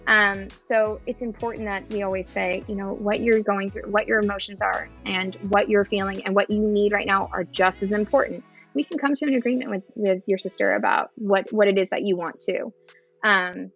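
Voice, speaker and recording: Woman in her thirties, gravelly voice, podcast chat, dull lo-fi sound, faint music. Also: mid-range voice, fairly even intonation, normal speed. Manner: thoughtful, many fillers and restarts. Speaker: podcast guest.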